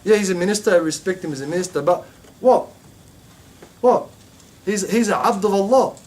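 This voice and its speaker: A man teaching a religious class, talking in an animated way with many rhetorical questions and emphatic repetition. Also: high-pitched, fairly quick. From Australia.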